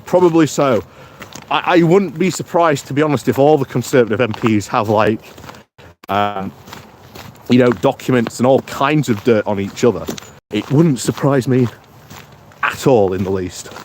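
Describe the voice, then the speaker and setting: An Englishman streaming live while out on a morning walk, talking in a loose, rambling way and chuckling often as he greets viewers by name. His pitch sits at an ordinary middle level. A faint noise hangs behind the voice. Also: moderate pace, darkish tone. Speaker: political vlogger reading live chat. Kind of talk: casual live-stream commentary.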